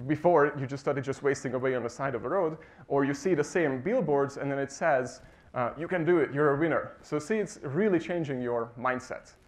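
A man giving a motivational conference talk on stage, telling stories with animated acted-out quotes and laughing at his own jokes. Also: mid-range voice. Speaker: conference speaker. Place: conference stage before a live audience.

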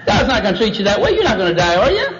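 A man voicing a sly, flattering male serpent who gushes and coaxes with high, animated exclamations. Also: rapid-fire, roomy sound, a crowd in the background. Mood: coaxing. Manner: wheedling, gushing, high and animated. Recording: dull old 1970s tape recording.

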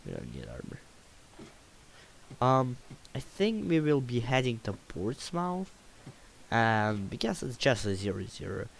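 A man's voice: medium pitch, slight background noise, rough recording. A man doing a put-on Russian accent while casually commentating a video game, playful and jokey. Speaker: gamer.

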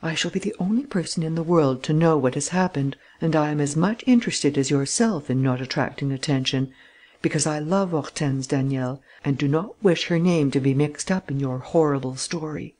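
A stern, relentless gentleman investigator, read by a man in a fairly high, measured voice that leans in hard on every question. He drops to a hushed, urgent murmur when confiding, then rises to a forceful demand. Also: sing-song.

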